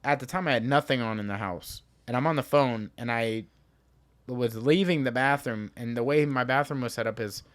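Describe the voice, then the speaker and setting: A young adult man, a podcast guest, telling stories in relaxed casual chat and swearing casually. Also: medium pitch, moderate pace.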